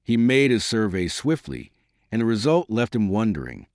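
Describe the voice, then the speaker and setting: Low, lively male audiobook narrator. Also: moderate pace, dry recording, clean studio sound. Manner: expressive, theatrical reading. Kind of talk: scripted narration.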